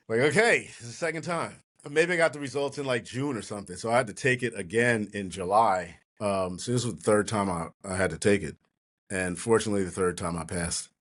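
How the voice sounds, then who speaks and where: A man in his sixties from New Jersey, a trial lawyer telling lively anecdotes as an interview guest, often laughing and acting out others. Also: lowish voice, moderate pace. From New Jersey, USA. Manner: animated anecdotes, acting out quoted voices, laughing. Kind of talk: casual storytelling interview.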